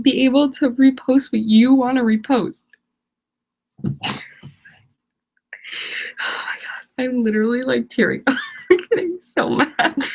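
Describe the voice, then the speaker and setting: A woman's voice: on the high side, vocal fry, slightly rough. A teenage girl ranting on a live stream, exasperated and rambling, laughing often. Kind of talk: casual live-stream rant.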